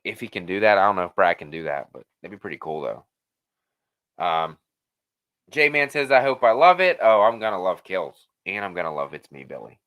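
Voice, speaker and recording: A man's voice: deep voice, normal speed. A man hosting a casual live-stream Q&A, rambling and swearing freely as he reads the chat. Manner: rambling, profane, animated.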